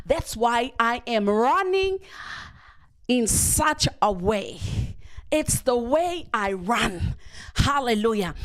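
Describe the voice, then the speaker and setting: A woman preaching a sermon at a church service, reading scripture and explaining it slowly and deliberately. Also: a little high.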